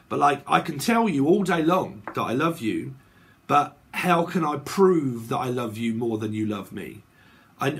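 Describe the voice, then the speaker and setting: A man's voice: mid-range voice, fairly bright tone, husky. A man giving a casual tarot reading to his viewers, rambling and checking in with "okay" and "right" again and again. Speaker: tarot reader.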